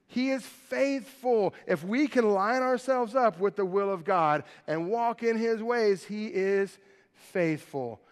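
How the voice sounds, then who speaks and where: High-voiced male pastor, animated sermon delivery with soft, hushed drops, reverberant church hall. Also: slow. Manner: animated, shifting from loud emphasis to soft, hushed lines. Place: church sanctuary.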